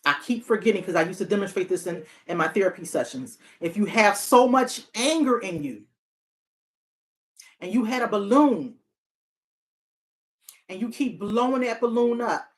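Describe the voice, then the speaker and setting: A woman's voice: mid-range voice, expressive, normal speed, long pauses. A woman therapist and hotline counselor in a casual, reflective monologue, talking earnestly and often repeating her key phrases.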